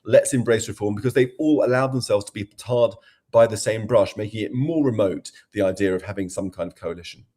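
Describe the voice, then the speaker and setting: A man gives political commentary on a talk show with a lowish voice. He speaks fluently and measures out his points as he explains. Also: fairly quick, mellow.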